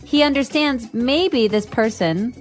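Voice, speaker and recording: A woman co-hosting an English-learning podcast, explaining phrases clearly and giving example sentences in casual chat. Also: fairly high pitch, expressive, takes it slowly, soft background music. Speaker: podcast co-host and English teacher.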